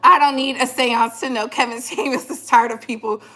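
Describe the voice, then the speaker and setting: A woman's voice: a little high, fairly even intonation, moderate pace, sharp tone. A woman hosting a casual live stream, chatting with viewers and laughing often and heavily, with slangy speech. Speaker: livestream host. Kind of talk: casual live chat commentary.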